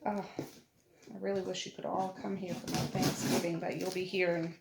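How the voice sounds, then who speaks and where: A middle-aged woman chatting casually while she opens mail at home, with soft laughs between remarks. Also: fairly low pitch, level tone, moderate pace, gravelly. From Nova Scotia, Canada. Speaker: vlogger. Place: family home at night. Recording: echoey room, audible background noise.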